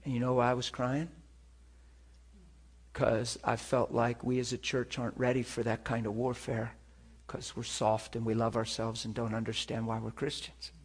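A man's voice: medium pitch, flat delivery, normal speed, slightly rough. A man preaching a sermon, telling an earnest testimony to his church with emphatic rhetorical questions. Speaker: pastor.

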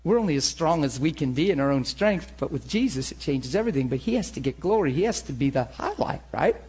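A man preaching and telling his own story in a sermon, with animated storytelling that rises to shouts. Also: a little high, fast talker, breathy edge. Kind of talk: sermon testimony.

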